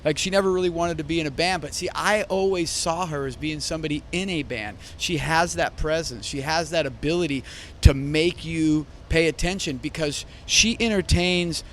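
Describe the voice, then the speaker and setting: Male musician guest, upbeat and rambling, slightly high pitch, faint background hiss. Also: moderate pace. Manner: enthusiastic, rambling with restarts. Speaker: bass player guest. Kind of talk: casual backstage interview. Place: backstage at a concert venue.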